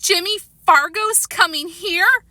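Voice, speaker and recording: A woman's voice: extremely high pitch, slow, pushed and bright, no echo, voice pushed up, heavily acted. A woman voicing a bossy young girl who gushes and scolds. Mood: upset, bossy. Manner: gushing, bossy.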